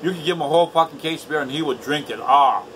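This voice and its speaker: Older guy ranting at home, cussing nonstop, sharp bright voice, faint room hum. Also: on the high side, quick pace, poor audio. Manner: profane, bitter, repetitive. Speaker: vlogger. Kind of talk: angry rant to camera. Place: indoors at home.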